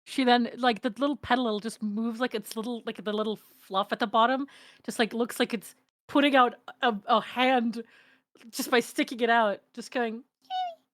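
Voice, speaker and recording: A woman's voice: on the high side, steady tone, moderate pace, no echo. A woman playing a tabletop game, describing her little creature in a playful, giggly way. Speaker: player. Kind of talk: casual tabletop play.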